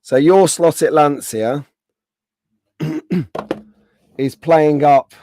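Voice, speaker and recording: A chatty man hosting a live stream with a rough throat, clearing it often as he answers viewers by name. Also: a little high, very slow, warm tone, no room sound, studio quality. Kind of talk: casual live stream chat.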